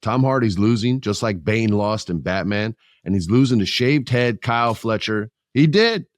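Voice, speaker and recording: Low-voiced joking podcast host man. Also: moderate pace, no room sound, studio quality. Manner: joking, animated, mimics voices in stories. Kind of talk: casual wrestling chat.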